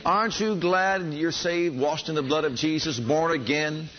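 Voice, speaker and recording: With a fairly high-pitched voice at a moderate pace, a male pastor preaches fervently, his enthusiasm building as he calls on listeners to respond. The recording has a dull, lo-fi quality.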